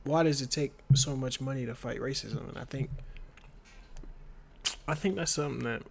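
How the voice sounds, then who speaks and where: A man's voice: mid-range voice, moderate pace, gravelly. A man co-hosting a casual podcast who teases, laughs often and swears freely. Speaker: podcast co-host. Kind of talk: casual chat.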